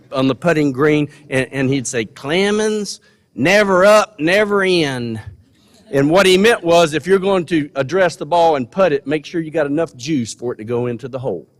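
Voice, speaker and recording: An older man with a slightly high voice delivers a commencement speech in a big gymnasium. He speaks in a folksy, earnest way and repeats phrases for emphasis. His voice rings with a long hall echo. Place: large college gymnasium.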